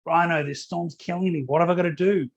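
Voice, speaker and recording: A man's voice: on the high side, steady tone, fairly quick, muffled recording, natural voice. A man voicing a small, hurt, worried monkey who asks anxious, pleading questions in a children's story.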